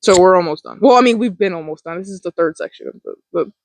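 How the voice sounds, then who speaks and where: A woman's voice: on the low side, expressive, quick pace, gravelly, no room sound, low-quality recording. Casual, rambling woman mindfulness host. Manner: rambling, full of "like" fillers and casual swearing. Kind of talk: casual motivational talk.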